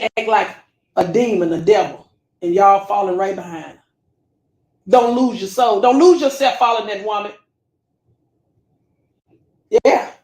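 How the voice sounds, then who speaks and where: A woman with a high voice delivers a scolding, preachy rant straight into her camera. She lectures her listeners and calls them baby and family. The room around her rings with echo. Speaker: YouTube commentator.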